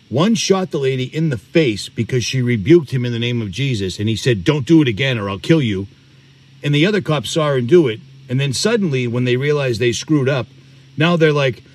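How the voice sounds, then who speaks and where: A man speaks to his camera outdoors in an earnest, preaching tone. He drives his points home by repeating words. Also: medium pitch. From Boston, USA. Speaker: vlogger. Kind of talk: emphatic commentary to camera. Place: outdoors on a rural property.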